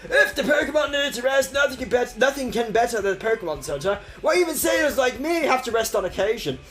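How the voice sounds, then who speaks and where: A streamer putting on a loud old islander man. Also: lively intonation, fast, soft background music, close to an everyday voice. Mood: shouting. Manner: shouted, booming read of game text. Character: old male islander NPC, loud and wistful. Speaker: streamer reading game dialogue.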